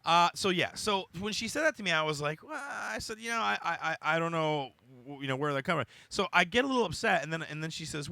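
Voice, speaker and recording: Fast-talking, gravelly-voiced man. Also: a little high, dry recording. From United States. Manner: heated, animated storytelling with quoted dialogue. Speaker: podcast host. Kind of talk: casual chat, telling a story.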